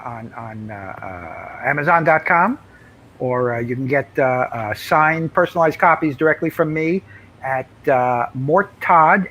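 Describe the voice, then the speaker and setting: Older guy rambling thru comic stories, kinda high voice, lots of uh's. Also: a bit bright, a little hiss or hum, rough recording. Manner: rambling, many fillers and restarts. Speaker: comics writer guest. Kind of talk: casual interview chat.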